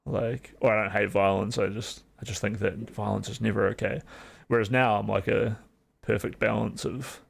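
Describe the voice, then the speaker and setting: A man's voice: fairly low pitch, steady tone, normal speed, vocal fry. A young man streaming live, chatting casually and rambling with lots of filler words. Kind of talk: casual chat on a livestream.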